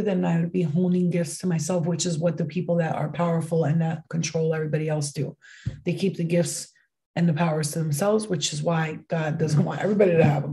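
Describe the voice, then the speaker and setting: A woman's voice: fairly low pitch, a little mellow. A woman giving a casual livestream tarot reading, chatty and rambling, swearing casually as she goes. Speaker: tarot card reader.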